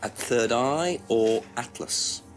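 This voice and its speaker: A man's voice: mid-range voice, takes it slowly, faint music behind, close to an everyday voice. An actor playing a persistent male police inspector who questions a suspect with pointed questions in a video game. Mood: probing. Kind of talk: full-motion video game acting.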